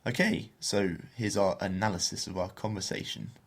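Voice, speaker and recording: A man co-hosting a beginner Spanish podcast, explaining phrases and slowing down to model pronunciation. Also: low-pitched, husky. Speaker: podcast co-host teaching Spanish.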